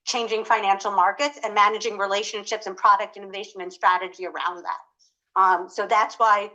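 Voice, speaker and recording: A woman's voice: mid-range voice, steady tone, fairly quick, bright, forceful tone, lo-fi sound. A woman in her forties speaking as a panelist at a conference, talking conversationally with frequent fillers and self-corrections.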